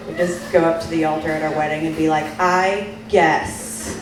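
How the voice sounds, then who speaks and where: Low-voiced woman doing a stand-up set. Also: flat delivery, moderate pace. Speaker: stand-up comic. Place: small bar lounge stage. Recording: echoey room, mic far off, noisy.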